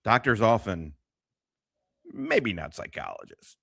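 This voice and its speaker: A man hosting a livestream, rambling and swearing freely as he talks. His pitch swoops around a lot, and his voice has a bright, forceful edge. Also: huge pitch swings, slow, creaky, slightly rough. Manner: rambling, profane, restarts sentences. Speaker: livestream host. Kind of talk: casual livestream commentary.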